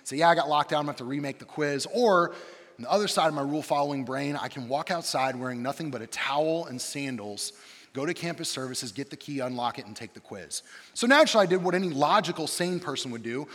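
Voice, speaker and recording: A man in his thirties, a campus pastor, preaching a humorous sermon and telling stories about himself in an animated, self-deprecating way. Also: fairly high pitch, fast, in a large hall. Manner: animated, self-deprecating storyteller with shifting energy.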